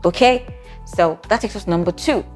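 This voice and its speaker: A woman's voice: medium pitch, fairly quick, faint music behind. Woman giving chatty therapist advice. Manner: conversational, with frequent rhetorical check-ins. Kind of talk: talking-to-camera advice video.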